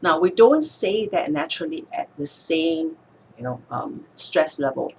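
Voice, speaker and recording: A woman speech therapist explaining speech techniques in a calm, measured way, sometimes slowing down to show a word's stress. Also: low-pitched, slight background noise. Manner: calm, measured, demonstrates words slowly with stress. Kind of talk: instructional explanation to camera.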